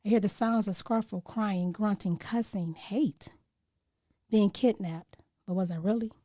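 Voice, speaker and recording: A woman's voice: mid-range voice, measured pace, warm tone, no room sound, studio quality. A woman on a podcast reciting a spoken-word poem in an earnest voice that sinks at times into near whispers. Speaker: podcast guest.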